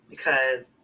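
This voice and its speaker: A rambling streamer with a Houston Texan twang talks loosely, peppering every thought with 'like' and easy curses. The voice is bright and sits a little back from a laptop mic at home. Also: recorded from a distance, poor audio. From north side of Houston, Texas. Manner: rambling, full of 'like', swears freely, laughs often. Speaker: livestreamer and travel agent. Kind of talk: casual livestream chat.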